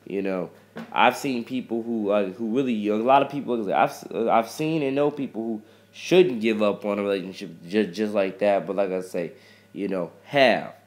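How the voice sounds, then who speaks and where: A rapper addresses his viewers as "ladies and gentlemen," offering rambling advice on love and friendship. He preaches, repeats himself and restarts often, speaking at a normal speed in a fairly low voice.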